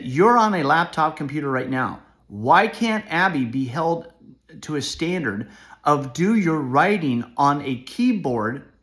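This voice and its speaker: Emphatic middle-aged man, slightly high voice. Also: fairly bright tone. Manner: emphatic, repeats "all right?". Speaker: parent commentator. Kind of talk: frustrated commentary monologue. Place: at home.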